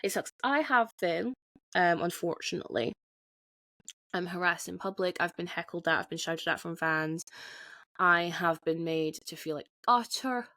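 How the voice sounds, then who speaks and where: Talking alone on her podcast, this host is candid, curses freely and often starts her sentences over. She has a lowish, pushed and bright voice at a moderate pace, recorded with no room sound.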